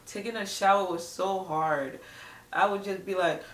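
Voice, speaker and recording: A woman's voice: mid-range voice, steady tone, normal speed, a bit bright, far from the mic. A young adult woman chatting casually to camera as a vlogger, rambling with lots of "like". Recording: echoey room, voice a bit off-mic.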